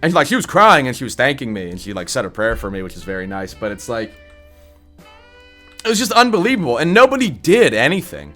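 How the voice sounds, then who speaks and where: A man's voice: mid-range voice, very animated, fairly quick, bright, forceful tone, soft background music. A young man with a stuffed-up, scratchy voice, a gaming YouTuber talking bluntly and profanely in a casual rant before a game build guide. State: congested, scratchy voice.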